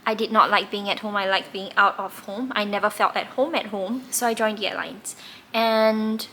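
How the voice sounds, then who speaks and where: A woman's voice: mid-range voice, steady tone, moderate pace, pushed and bright, a little hiss or hum. A woman, candidly telling a personal story in a reflective way, with occasional laughs. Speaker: tarot reader recounting her past.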